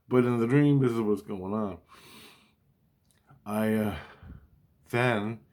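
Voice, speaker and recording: A man telling a story in a rambling, casual monologue, agitated and profane, often restarting his sentences. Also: on the low side. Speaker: vlogger recounting a dream.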